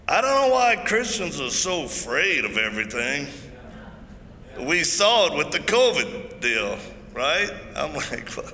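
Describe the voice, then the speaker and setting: Guy preaching hard at some big event, super sharp voice, jokes around while he tells stories. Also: on the high side, sing-song, measured pace. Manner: emphatic, joking storyteller. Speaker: event speaker. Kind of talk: preaching-style speech. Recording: echoey hall, faint noise.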